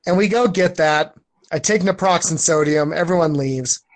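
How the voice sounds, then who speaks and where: A man co-hosting a casual podcast chat, telling rambling anecdotes in a lively way. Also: on the high side, moderate pace. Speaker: co-host.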